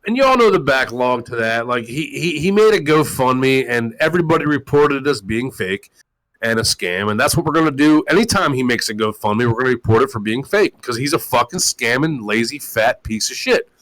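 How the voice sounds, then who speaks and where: Over a low-quality recording, a talk show host speaks fairly quickly with lively intonation. He hosts a call-in live stream, delivering a loud, crude and mocking rant laced with constant swearing, his pitch swinging widely.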